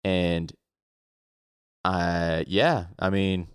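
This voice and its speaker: A young man with a very deep voice co-hosts a podcast, chatting casually and swearing freely. He sounds loose and laughs at himself. The sound is close and dry. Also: fairly even intonation, extremely slow, clean tone, no room sound. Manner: loose, profane, self-mocking. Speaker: podcast co-host. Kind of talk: casual chat.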